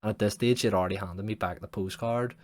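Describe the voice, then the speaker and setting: A man's voice: on the low side, fairly even intonation, quick pace, dry recording. A young man hosting a podcast, telling a rambling story in casual chat, swearing often and saying "like" constantly. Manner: rambling, sweary, heavy use of "like". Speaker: podcast host.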